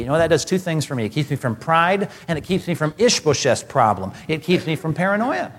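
A man preaching a sermon, building to emphatic, animated peaks. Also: on the high side, fairly quick. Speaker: pastor. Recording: hall reverb.

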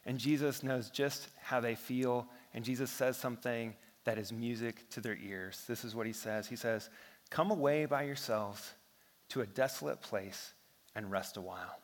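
A man in his thirties preaching a sermon, telling everyday stories and often dropping to a hushed voice for effect. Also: medium pitch, steady tone, moderate pace, long reverb tail. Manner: storytelling preacher who drops to a hush for effect. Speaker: pastor.

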